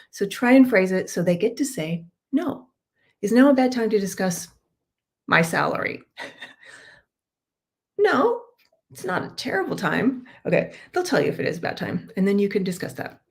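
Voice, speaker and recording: A middle-aged woman leading a livestreamed coaching talk, energetic and expressive, acting out example phrases and laughing often. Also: medium pitch. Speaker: workshop leader and trainer. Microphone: computer mic on a live stream.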